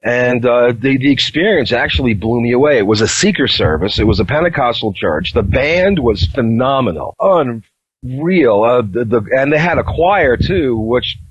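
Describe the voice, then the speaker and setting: A middle-aged man from New York telling his life story as a podcast guest in a wry, unhurried way. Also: mid-range voice, expressive, slightly rough, no room sound. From New York, USA. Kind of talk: casual storytelling interview. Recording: dull, lo-fi line.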